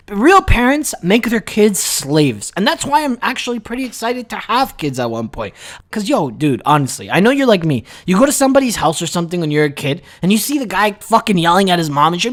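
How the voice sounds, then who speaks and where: Young dude doing a crude comedy rant, brash and boastful, voice swings up and down a lot. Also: male voice, sits high, sing-song, fairly quick. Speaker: comedy vlogger.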